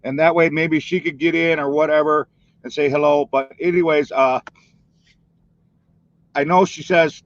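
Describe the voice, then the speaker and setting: A man's voice: fairly high pitch, fairly even intonation, moderate pace, long pauses, dry recording. A man talking casually on a live stream, filling in for the host in a rambling, chatty way. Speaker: stand-in streamer. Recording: dull lo-fi dry stream audio.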